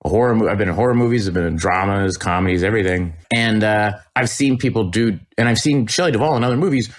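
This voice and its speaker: A middle-aged man with a very low voice, a guest on a podcast. He tells his stories in an animated way, restarting his sentences and laughing as he goes. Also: fast. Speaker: actor guest. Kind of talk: podcast interview anecdote.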